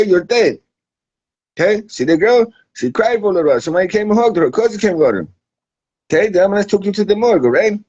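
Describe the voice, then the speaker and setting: A man's voice: high-pitched, a little mellow. A man delivering a rambling, profane comic monologue, saying "man" at the end of nearly every line. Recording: dull lo-fi recording.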